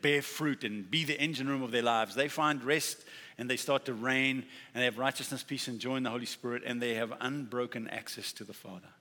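In a large, echoing hall where long reverb trails each phrase, a male pastor preaches conversationally in a mid-range voice. His tone is steady, bright, and forceful, and he talks a little fast. He acts out short exchanges and repeats key words to drive his points home.

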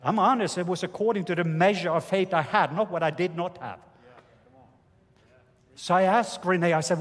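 A man with a Norwegian accent preaches to a congregation, recounting a testimony earnestly and stumbling over restarts. His voice sits a little high and sounds husky. The sound rings with the long reverb of a large hall. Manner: earnest storytelling with halting restarts. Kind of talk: sermon with personal testimony.

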